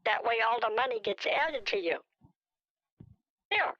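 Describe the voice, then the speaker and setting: A man voicing a sweet, stubborn old grandmother who calmly plays confused on a phone call. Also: dry recording. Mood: oblivious. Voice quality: high, frail grandmotherly voice. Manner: calm, slow and patiently oblivious. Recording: lo-fi phone call audio with faint noise.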